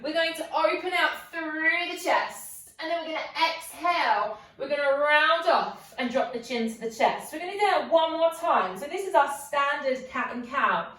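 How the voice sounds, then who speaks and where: Barely pausing, a yoga instructor talks at a normal speed in a high, animated, somewhat bright voice. She leads the class playfully, encouraging students with coaxing questions, and sounds far off in a very echoey room.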